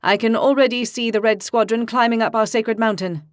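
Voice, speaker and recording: A woman voicing a grave, poetic young desert man who speaks in measured, proverb-like lines. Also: on the high side, steady tone, dry recording, clean studio sound, natural voice. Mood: solemn.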